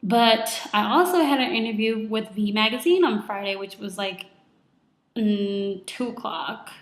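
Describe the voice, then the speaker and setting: A woman's voice: medium pitch, unhurried. Chatty young woman in an echoey room. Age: 20s. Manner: chatty, lots of "like", retells with quoted reactions. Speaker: vlogger. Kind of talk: casual video diary.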